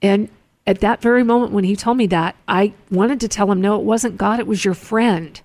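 A woman's voice: mid-range voice, steady tone, moderate pace, a little mellow, no room sound. A woman hosting a casual studio chat, telling personal stories earnestly with frequent restarts. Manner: earnest, storytelling, many restarts. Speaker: host. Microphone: close mic in a studio.

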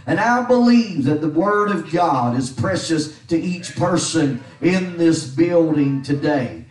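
A man's voice: a little high, expressive, slow, hardly any pauses, a little mellow. A middle-aged man preaching a sermon as pastor, reading scripture and leading his congregation in call-and-response. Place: church sanctuary. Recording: echoey church hall from far off.

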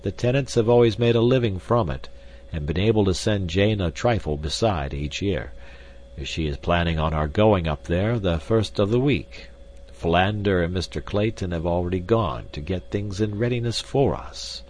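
A man's voice: deep voice, moderate pace, a little mellow. A man reading an audiobook, voicing a fussy, absent-minded old male professor who clucks "tut, tut". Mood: sad.

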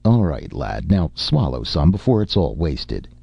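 A man voicing a big gruff barbarian warlord with a deep, rumbling voice, rueful and amused. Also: big pitch swings, moderate pace, dark tone, no room sound, exaggerated voice. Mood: gently gruff. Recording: dull lo-fi recording.

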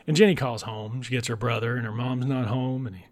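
A man giving a casual recap of a film, talking bluntly with profanity and dropping into breathy whispered asides. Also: medium pitch, steady tone, a little fast. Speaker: film reviewer.

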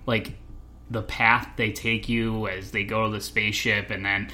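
A man's voice: on the low side, level tone, unhurried, bright, forceful tone. A man talking casually about movies, thoughtful and hesitant with many fillers.

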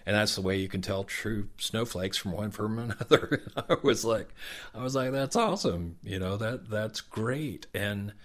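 Middle-aged southern guy, real low voice, tells stories and does the kids' lines. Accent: Southern American. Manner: warm, anecdotal, acts out children's words. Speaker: professional Santa Claus. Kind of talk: interview storytelling.

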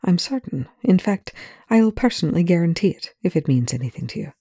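A reader voicing a dry, sardonic male scientist in a fan fiction reading, with clipped, precise lines often dropped soft. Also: mid-range voice, big pitch swings, brisk, husky, no room sound.

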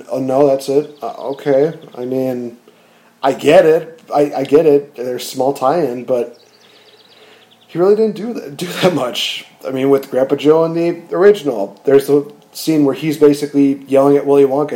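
A man chatting casually about movies, rambling and animated, with frequent fillers and restarts. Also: fairly high pitch.

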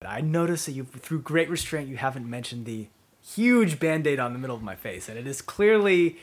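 A man's voice: mid-range voice, animated, brisk. A man hosting a podcast, telling a story in a rambling, mock-solemn way with many restarts. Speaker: podcast host. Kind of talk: casual storytelling.

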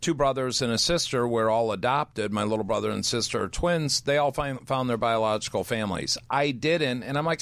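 A man's voice: mid-range voice, brisk, few pauses, fairly bright tone, no echo. Blunt man telling his story. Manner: blunt, swears casually. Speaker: podcast guest, recovery speaker. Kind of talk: candid conversational storytelling.

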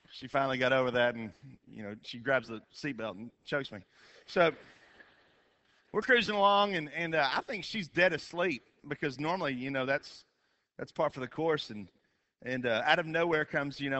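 A man telling a comic story on stage, animated, with quick asides and sudden shouted bursts. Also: on the high side, muffled recording. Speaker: comedian. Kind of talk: storytelling stand-up.

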